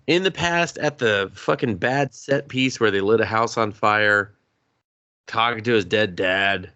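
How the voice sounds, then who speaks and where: A man's voice: on the low side, a little slow, sharp tone, smooth, lo-fi sound. A man co-hosting a podcast, chatting casually and ranting profanely about a movie. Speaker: podcast co-host. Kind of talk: casual movie review chat.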